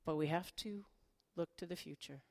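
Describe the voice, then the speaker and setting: A middle-aged woman pastor giving a sermon in a conversational, animated way, with playful asides. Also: fairly low pitch, moderate pace, gravelly.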